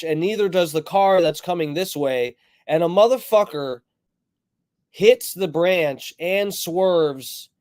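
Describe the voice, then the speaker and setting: A man's voice: on the high side, a little mellow, no room sound, clean studio sound. A man streaming, telling a long story in a rambling way, swearing constantly. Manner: rambling, heavily profane storytelling.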